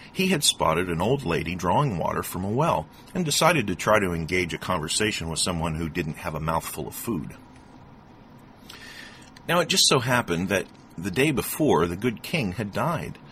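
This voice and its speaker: A man narrating a fable in an expressive storytelling read-aloud. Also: low voice, a little hiss or hum. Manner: expressive, animated reading. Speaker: narrator reading an article.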